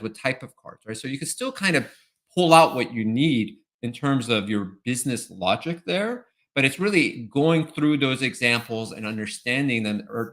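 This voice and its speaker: A man's voice: mid-range voice, fairly bright tone. A man answering as an expert guest in a webinar interview, explaining step by step and often checking in with "right?". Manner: explanatory, tags points with "right?".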